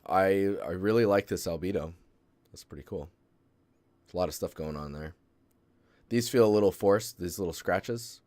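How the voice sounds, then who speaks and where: A man with a very low, deep voice talks through an art portfolio on a live stream, loose and rambling, stopping and restarting his thoughts. The sound is close and dry, with almost no room around it. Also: moderate pace, long pauses, no room sound. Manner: relaxed, rambling, many fillers and restarts. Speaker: host reviewing art portfolios. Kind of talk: casual live-stream critique.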